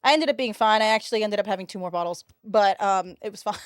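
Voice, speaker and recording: A woman's voice: medium pitch, normal speed, dry recording, clean studio sound. Chatty young woman streamer. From United States. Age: 22, early 20s. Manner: animated, chatty storyteller, slangy. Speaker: livestreamer. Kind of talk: casual chat to stream viewers.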